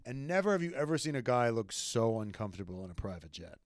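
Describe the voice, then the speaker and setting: A man co-hosts a casual podcast in a smooth, clear voice. He swears freely and rants with lively energy. The sound is dry and close, with almost no room echo. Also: mid-range voice, fast. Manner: profane, animated ranting with mocking impressions. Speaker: podcast co-host.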